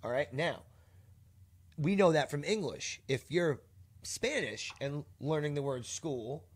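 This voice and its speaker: A man's voice: a little high, lively intonation, unhurried, slightly rough. A young man hosting a podcast in casual chat, rambling and cursing, his sentences full of fillers and restarts. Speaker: podcast host.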